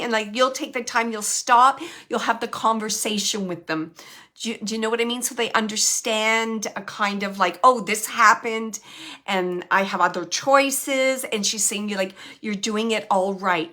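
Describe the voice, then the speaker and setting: A woman medium giving a gentle live reading, passing on messages from a spirit in the first person. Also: a little high.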